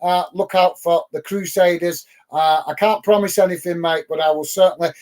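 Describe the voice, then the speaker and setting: A middle-aged Englishman with a fairly high voice hosts a live football watch-along show. He chats casually with his viewers, gets worked up and emphatic about rival fans, and fills his talk with ums and uhs. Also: steady tone, moderate pace, darkish tone. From England. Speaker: football channel host.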